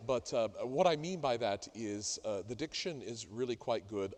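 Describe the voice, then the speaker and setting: A middle-aged man coaching a singer in a masterclass, talking haltingly with many fillers and sung demonstrations. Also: on the low side, expressive, a little mellow, slight background noise. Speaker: vocal coach leading a masterclass. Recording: reverberant hall.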